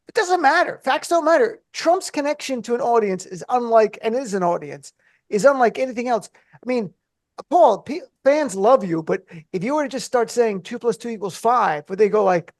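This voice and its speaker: Mężczyzna, prowadzący radiowy talk show, żywiołowy, suche brzmienie. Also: male voice, very high voice, moderate pace, no room sound, clean studio sound. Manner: animated, incredulous riffing. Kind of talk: casual comedic chat.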